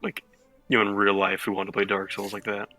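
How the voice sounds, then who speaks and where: A man's voice: fairly low pitch, monotone, quick pace, pushed and bright, rough recording. A man co-hosting a casual gaming podcast, reacting with short interjections and dry humor. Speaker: podcast co-host.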